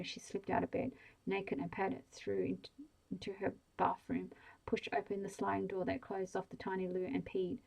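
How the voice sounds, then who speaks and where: A woman reading a bedtime story aloud in a soft, hushed ASMR style, slow and even. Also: lowish voice, gravelly, husky, poor audio.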